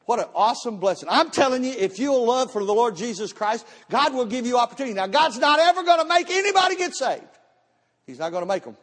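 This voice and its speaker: A man's voice: extremely high pitch, lively intonation, fast talker, a bit bright. A man preaching a sermon to a church, telling a story with emphatic, repeated words. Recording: long church hall reverb.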